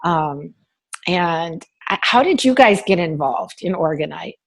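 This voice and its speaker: A woman's voice: on the low side, animated, a little slow, creaky. A woman hosting an interview show, speaking in an enthusiastic, gushing way. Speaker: host.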